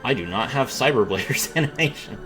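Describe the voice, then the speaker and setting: A man's voice: mid-range voice, animated, fairly quick, music in the background. A man giving casual, blunt commentary while rating game animations, with many filler words. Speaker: game reviewer host.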